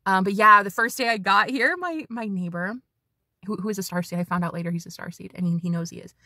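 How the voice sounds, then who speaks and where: A woman tarot reader giving a casual spiritual reading, chatty and animated, swearing freely as she talks to her viewers. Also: medium pitch, quick pace, no echo, studio quality.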